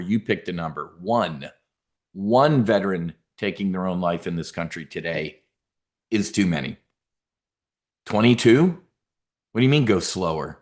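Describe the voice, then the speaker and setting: Rambling low-voiced man hosting a trading show. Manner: rambling, animated storytelling with many fillers. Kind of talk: casual livestream talk.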